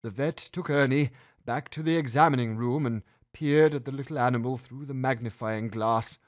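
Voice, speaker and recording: A man narrates a humorous family story aloud, reading animatedly and putting on voices for the characters. His voice is mid-range and his pace moderate.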